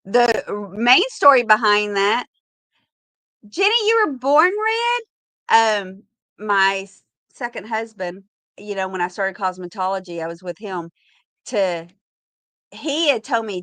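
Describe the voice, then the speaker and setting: A woman's voice: mid-range voice, lively intonation, slow pace, long pauses, sharp tone, no room sound. A middle-aged woman hosting a casual live sale from home. She chats, laughs a lot and greets viewers by name. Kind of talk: casual live-stream chat.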